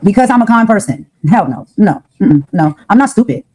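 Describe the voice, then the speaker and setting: Woman, heated livestream rant, rapid delivery, warm low timbre. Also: lively intonation, breathy edge, no room sound, poor audio. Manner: confrontational, repetitive, scolding. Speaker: livestream commentator.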